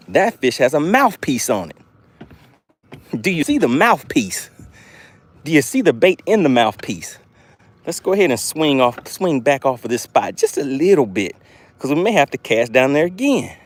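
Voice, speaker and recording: A man hosting a live fishing stream, talking excitedly to his chat viewers. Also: on the high side, moderate pace, dry recording. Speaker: fishing livestream host.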